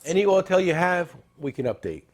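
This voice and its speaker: A middle-aged man hosting a tool show, chatting casually and joking as he pitches products and tells stories. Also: sing-song, a little fast, slight background noise. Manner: joking, rambling, salesy with asides. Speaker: tool dealer and show host. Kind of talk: casual product talk and storytelling.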